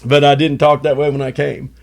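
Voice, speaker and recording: Gravelly man in his sixties, storytelling. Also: fairly high pitch, level tone, a little fast. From Chicago. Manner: rambling anecdotal storyteller, many fillers like "you know". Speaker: podcast guest. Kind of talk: casual storytelling chat.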